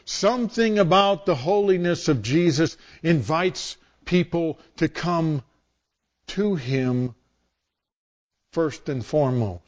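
Slow, storytelling male preacher. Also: a little high, animated, dull audio. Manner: storytelling, acts out scenes with voices. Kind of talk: sermon.

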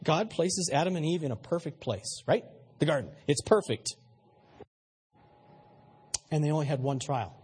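Preaching a sermon, a male pastor speaks in a high, husky voice that swings widely in pitch. He's emphatic, frequently asking his listeners questions and tripping over repeated words. His intonation is lively, his pace moderate, his tone a little mellow, and he pauses often.

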